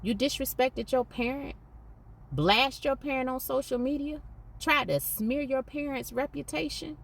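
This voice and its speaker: A woman's voice: high-pitched, measured pace, creaky. A woman hosting a podcast, speaking candidly and emphatically and repeating points for stress. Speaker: podcast host.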